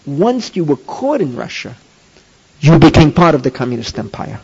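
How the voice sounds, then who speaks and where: A man's voice: a little high, very animated, moderate pace, husky. A man teaching a religious class, emphatic and repetitive, often firing off questions and repeating key phrases. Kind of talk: Torah lecture. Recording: dull lo-fi tape recording.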